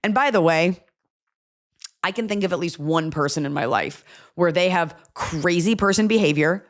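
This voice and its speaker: A woman's voice: on the low side, moderate pace. A woman hosting an advice podcast, chatting casually and bluntly, acting out the people she talks about. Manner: blunt, animated, acts out quoted voices. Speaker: podcast host giving advice.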